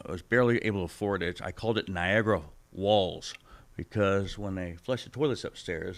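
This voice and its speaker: A middle-aged man sharing his personal testimony as a podcast guest, animated and acting out the people he quotes, swinging between loud bursts and hushed asides. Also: deep voice. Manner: animated storyteller who acts out the people he quotes.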